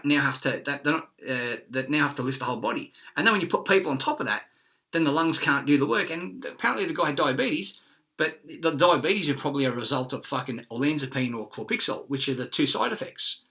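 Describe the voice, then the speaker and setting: A man's voice: medium pitch, bright, forceful tone. A man with an Australian accent ranting in an agitated, profane, rambling monologue.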